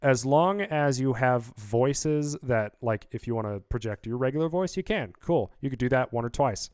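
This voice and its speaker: Man, musician walking through his own track, chatty and upbeat with fillers, smooth voice on a close dry mic. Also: mid-range voice, expressive, normal speed, a little mellow, dry recording. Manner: rambling, upbeat, lots of fillers. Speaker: musician explaining his song. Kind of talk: casual video breakdown. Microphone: studio vocal mic.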